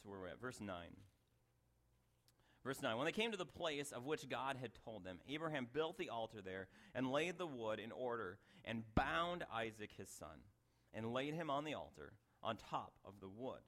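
A man's voice: mid-range voice, a bit bright. A middle-aged male pastor giving a sermon in a conversational way, breaking off into asides and chuckling at himself. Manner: conversational, self-interrupting, chuckles at own asides.

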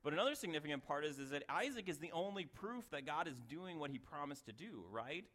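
Very animated and fast, a middle-aged pastor with a fairly high, slightly bright voice gives a conversational sermon. He often cuts himself off for an aside, then chuckles at his own remarks.

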